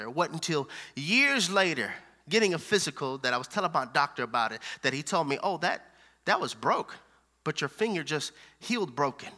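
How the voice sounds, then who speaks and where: A man preaching a sermon with emphatic repetition, calling out to his audience and swinging between loud declarations and hushed lines. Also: high-pitched. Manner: calls out to the audience.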